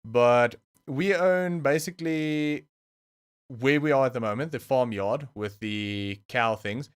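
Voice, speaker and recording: A man's voice: medium pitch, slow pace, clear, resonant tone. A young South African man with a South African accent, chatting casually and rambling through a game livestream, with frequent ums and self-corrections. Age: young adult. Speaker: streamer.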